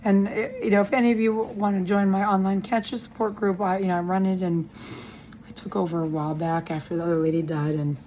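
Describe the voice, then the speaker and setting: A woman recording a personal update from a hospital room, talking in an earnest, rambling and halting way with a weak, strained voice that breaks with emotion. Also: mid-range voice, fairly even intonation, warm tone, a little hiss or hum, rough recording. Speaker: vlogger giving a health update.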